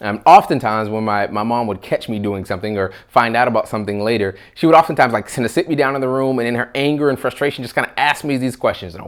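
A man's voice: mid-range voice, quick pace, few pauses. Man preaching an earnest sermon. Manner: earnest, rises in volume when reading scripture. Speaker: pastor.

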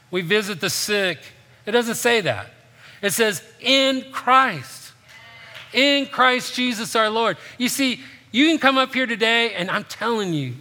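Pastor guy preaching, kinda high bright voice, builds up loud then drops quiet, echo of a big hall. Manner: emphatic preaching, rising and falling between quiet and loud. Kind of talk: sermon. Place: church sanctuary.

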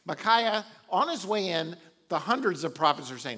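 A man's voice: high voice, sing-song, moderate pace, sharp tone. A man preaching a sermon, retelling a Bible story casually with chuckles and asides. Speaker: pastor.

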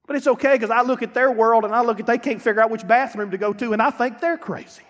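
A man pastor preaching a sermon, dropping to low asides and rising to shouts, acting out church members. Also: fast. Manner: acts out church members in quoted voices. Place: church sanctuary. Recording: long hall reverb.

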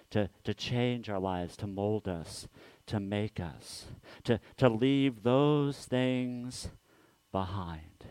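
A pastor preaching a sermon in a church sanctuary, earnest, often repeating words and letting phrase ends fall soft. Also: male voice, mid-range voice, clear, resonant tone, dry recording.

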